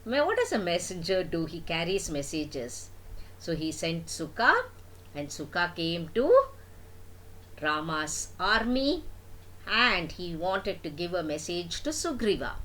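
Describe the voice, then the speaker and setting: An older woman tells a story to children in a warm, lively way, stopping to quiz her listeners. Her voice sits mid-range, and she raises it for excitement. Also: fairly low pitch, low-quality recording. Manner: asks the listeners questions, animated. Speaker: storyteller grandmother.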